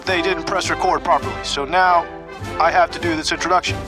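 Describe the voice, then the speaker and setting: A man's voice: fairly high pitch, steady tone, a little fast, over music. A man giving a casual, joking introduction to a podcast, laid-back with filler words. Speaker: guest introducer.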